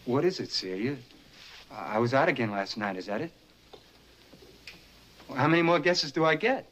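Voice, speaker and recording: An actor playing a gentle, troubled young husband who speaks softly and hesitantly, stammering, in a 1950s film drama. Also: male voice, medium pitch, lively intonation, normal speed, a little hiss or hum, lightly acted. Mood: anxious.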